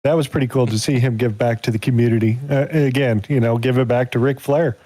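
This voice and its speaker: Man, warm relaxed voice, dry close sound, laid-back host chatter. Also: mid-range voice, quick pace, no echo. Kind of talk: casual chat.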